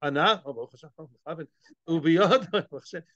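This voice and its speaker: A man's voice: a little high, fast, a bit bright, no room sound. A man teaching a daily Talmud class, explaining Aramaic phrases in English with Hebrew and Yiddish terms mixed in, asking and answering his own questions. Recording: dull, lo-fi and dry.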